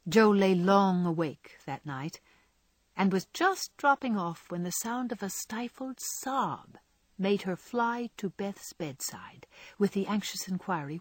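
A woman reading a classic novel aloud with measured, expressive storytelling. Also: medium pitch, no room sound. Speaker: audiobook narrator.

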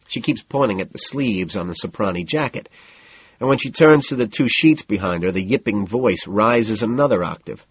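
A man narrating a novel in the first person, in a cool, measured, deadpan manner. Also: fairly low pitch, slightly rough, no echo, lo-fi sound. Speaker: audiobook narrator.

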